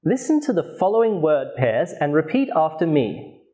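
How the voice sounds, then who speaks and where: A man's voice: a little high, very animated, dark tone. A man presenting a scripted English pronunciation lesson, speaking carefully and modelling words for learners to repeat. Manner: slow, careful, clearly articulated, models words for repetition. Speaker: pronunciation teacher.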